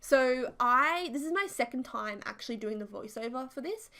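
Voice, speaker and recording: A woman's voice: high-pitched, expressive, normal speed, a bit bright. A young woman chatting through a casual home voiceover, rambling and full of "like" fillers. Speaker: game builder doing a voiceover. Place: home, near the bedroom.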